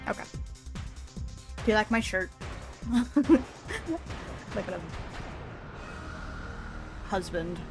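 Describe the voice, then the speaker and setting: A young adult woman chatting casually to her stream while she crochets, excitable and quick to swear. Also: medium pitch, faint music behind.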